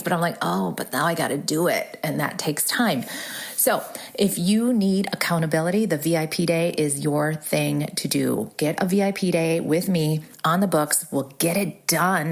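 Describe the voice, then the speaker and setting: Low, gravelly Midwestern woman in her forties, upbeat solo podcast host. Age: 40s. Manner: bubbly, chatty, drops into breathy asides. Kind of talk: casual solo podcast chat.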